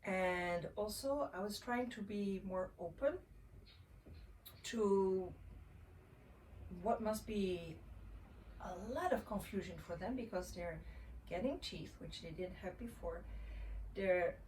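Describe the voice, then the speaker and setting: A woman, a mother sharing her own experiences in a gentle, reflective way, often pausing and restarting. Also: mid-range voice. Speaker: mother sharing parenting tips. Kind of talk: casual personal storytelling. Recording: voice a little far from the mic, faint ambient noise.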